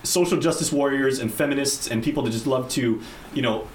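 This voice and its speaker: A man's voice: medium pitch, a little fast, reverberant, a little hiss or hum. A man co-hosting a podcast, reviewing a movie in casual chat and animatedly acting out characters' lines. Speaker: podcast co-host.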